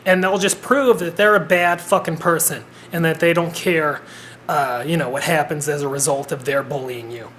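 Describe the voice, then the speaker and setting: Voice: medium pitch, steady tone, normal speed, fairly bright tone, slight background noise. A vlogger in their thirties talking straight to a home camera in an earnest, rambling way, with blunt swearing. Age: 30s. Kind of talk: personal vlog monologue.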